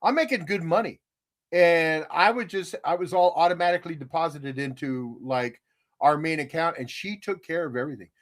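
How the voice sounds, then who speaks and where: Older guy on a podcast, kinda high voice, rambly folksy storytelling, chuckles a lot. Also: normal speed. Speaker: podcast co-host. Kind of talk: casual chat.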